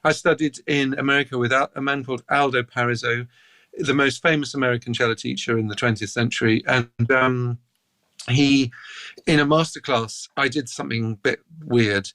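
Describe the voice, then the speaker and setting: English man telling animated stories. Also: mid-range voice, normal speed, no room sound. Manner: animated anecdotes, breaks into laughter. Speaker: guest cellist. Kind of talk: storytelling in a podcast interview.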